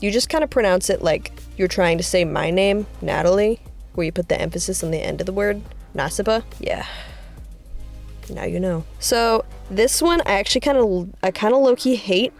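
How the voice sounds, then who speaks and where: A woman artist casually talking through her drawings, chatty and rambling, with excited high-pitched bursts. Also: moderate pace, creaky, soft background music. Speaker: artist vlogger. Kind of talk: casual art commentary.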